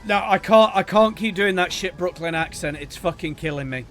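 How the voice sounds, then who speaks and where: A man with a high-sitting, fairly bright voice streams a video game at normal speed, with faint music behind him. In a let's play, he reads the characters' dialogue aloud in playful put-on voices and jokes in between.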